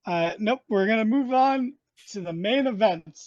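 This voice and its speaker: A man's voice: sits high, lively intonation, normal speed, darkish tone, no echo. A man co-hosting a podcast in casual chat, rambling and joking with lots of fillers and restarts. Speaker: podcast co-host. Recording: dull, dry, lo-fi sound.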